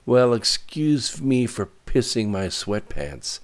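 A man voicing a frightened, snappy young woman in a storybook reading, loud and exasperated. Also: medium pitch, big pitch swings, slow pace, pitched above the performer's own voice.

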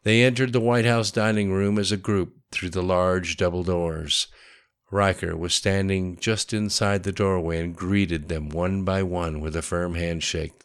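Deep-voiced man narrating a novel. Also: measured pace. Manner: steady storytelling read, voicing each character. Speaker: audiobook narrator. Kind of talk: scripted narration.

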